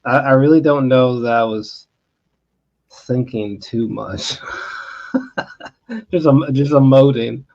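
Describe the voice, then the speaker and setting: Slow gravelly man on a dull line. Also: medium pitch, a little mellow. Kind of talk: casual review chat.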